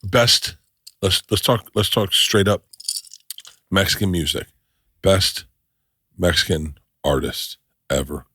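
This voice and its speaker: Lowish voiced guy hosting a podcast, rambles and swears, dead dry sound. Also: expressive, slow, long pauses, sharp tone, husky, no room sound. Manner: rambling, swears a lot, restarts often. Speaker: podcast host. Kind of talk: casual chat.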